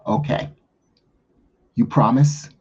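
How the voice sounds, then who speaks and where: A man playing a tabletop game, answering slowly and hesitantly. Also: darkish tone. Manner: slow, hesitant, with laughs. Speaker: player. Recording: dull lo-fi sound.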